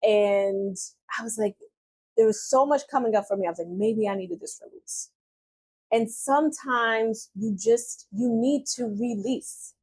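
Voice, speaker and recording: A woman's voice: fairly high pitch, breathy edge. Candid chatty woman vlogger. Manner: candid and chatty, with frequent fillers and soft laughs. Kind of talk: reflective personal storytelling.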